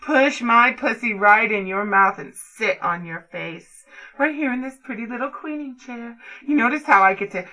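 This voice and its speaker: A woman's voice: a little high, moderate pace, pushed and bright, low-quality recording. A woman performing an adult audio role-play in a commanding, taunting manner.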